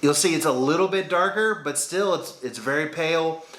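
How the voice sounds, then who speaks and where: A man's voice: on the high side, normal speed, fairly bright tone. A man giving a chatty, rambling, upbeat beer-tasting review. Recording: roomy echo.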